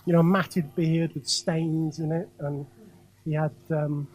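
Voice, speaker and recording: A man's voice: on the high side, level tone, measured pace, darkish tone. A man performing a stand-up comedy set on a club stage, talking to the crowd in a chatty way with many ums and asides. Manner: conversational, addresses crowd directly, frequent ums and asides.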